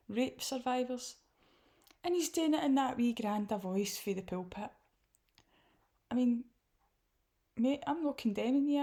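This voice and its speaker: A woman's voice: fairly high pitch, warm tone. A Scottish woman giving candid, indignant reaction commentary.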